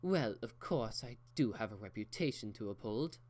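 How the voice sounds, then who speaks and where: A man's voice: medium pitch, normal speed, clean tone, lightly acted. A man voicing an elegant, proper unicorn mare who speaks in a genteel, theatrical way. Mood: breezy.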